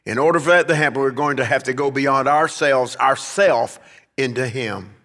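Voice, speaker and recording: A man's voice: medium pitch, normal speed, bright, forceful tone, in a large hall. A man preaching a sermon as pastor, swelling to emphatic peaks as he drives his points home. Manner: preaching, rising and emphatic at climaxes.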